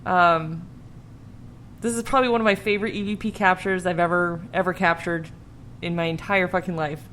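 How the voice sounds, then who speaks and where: A woman's voice: fairly low pitch, steady tone, brisk, a bit bright, a little hiss or hum. A woman hosting a podcast in casual chat, laughing often and swearing freely. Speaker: podcast host.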